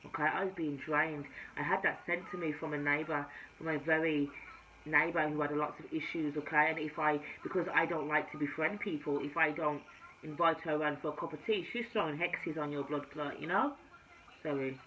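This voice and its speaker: A woman with a Jamaican-tinged accent, a tarot reader, telling her spiritual testimony to camera in an emphatic storytelling manner, swinging between hushed and loud. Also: sits low, fairly even intonation, a little fast, slight background noise. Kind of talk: personal testimony told to camera. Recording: slightly dull recording with faint room ambience.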